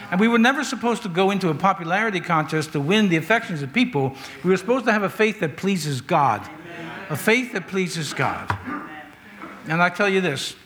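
Earnest preacher, a man with a slightly higher voice. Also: pushed and bright. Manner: conversational, earnest, storytelling with rhetorical questions. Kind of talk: sermon.

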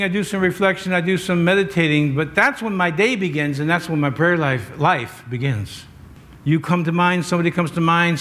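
A man's voice: fairly high pitch, fairly bright tone. An older man, a pastor, preaching a conversational sermon with wry asides to his congregation.

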